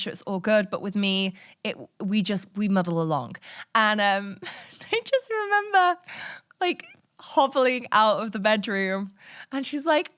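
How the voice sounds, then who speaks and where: A woman's voice: mid-range voice, a bit bright. Woman in her thirties, podcast host; frank, chatty personal storyteller who laughs easily. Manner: frank and chatty, swears casually, laughs often.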